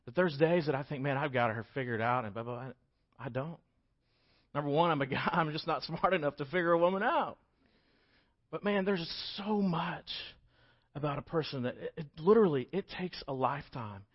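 A man, preaching a sermon and acting out scripture in lively voices. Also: a little high, a little fast. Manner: animated, acts out scripture voices. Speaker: pastor. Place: church sanctuary. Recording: dull lo-fi church recording.

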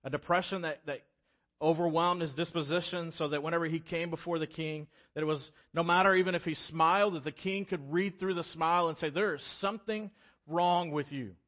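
A man preaching a sermon as pastor, acting out voices from the scripture story in an animated way. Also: fairly high pitch, normal speed, highs cut off. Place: church sanctuary.

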